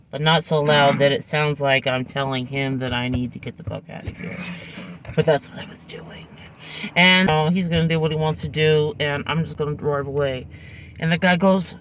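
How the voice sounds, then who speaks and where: Animated woman telling a story. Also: low-pitched, normal speed, a little hiss or hum. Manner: animated, acts out the people in her story. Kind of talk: casual storytime vlog. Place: in her car.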